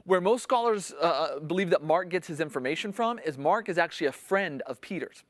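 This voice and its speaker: A man's voice: on the high side, animated, brisk, a bit bright, no echo. A man preaching a sermon in a conversational teaching style, explaining scripture and acting out the quotes with rising intensity. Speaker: pastor.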